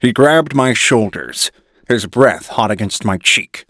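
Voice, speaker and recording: A man reading an audiobook in measured first-person narration. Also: on the low side, animated, fairly bright tone, no room sound, clean studio sound.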